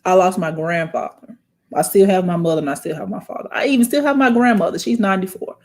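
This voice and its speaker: Animated woman chatting to viewers. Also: mid-range voice. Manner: animated, preachy, talks straight to viewers; emotional, tearful, halting. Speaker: host. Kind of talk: casual livestream chat.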